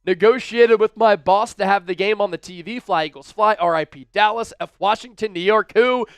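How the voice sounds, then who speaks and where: A man hosting a live football fan stream, keeping the energy high as he reads out viewer messages and previews the game. His voice sits high and comes through smooth and clean. It is close and dry on the mic. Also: moderate pace, no echo. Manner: energetic, hype-driven, reads super chats aloud. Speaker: sports livestream host. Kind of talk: live fan-show commentary and chat shout-outs.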